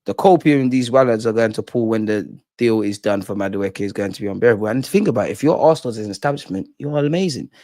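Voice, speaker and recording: A man's voice: lowish voice, fast talker, hardly any pauses, dry recording, clean studio sound. A young man, ranting and swearing in exasperation as a football fan channel host. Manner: animated, profane, exasperated ranting.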